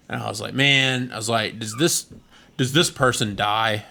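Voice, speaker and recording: A man's voice: fairly low pitch, moderate pace, creaky. A man co-hosting a casual podcast chat, telling stories and acting out what people said. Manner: animated storyteller, acts out quotes. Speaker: podcast co-host.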